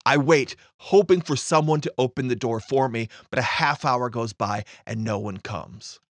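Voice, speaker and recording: A man's voice: medium pitch, normal speed, no room sound. A man telling a first-person story in a matter-of-fact, understated way.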